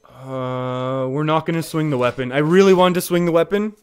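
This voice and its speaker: A man's voice: on the high side, normal speed, darkish tone, clear, resonant tone, faint music behind. A man live-streaming a card game, talking through his plays in a chatty way and often laughing.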